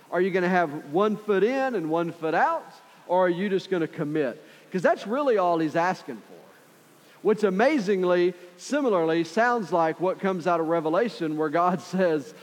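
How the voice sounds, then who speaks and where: A man preaching a sermon in a conversational, storytelling way. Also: high voice. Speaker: pastor. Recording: long hall reverb.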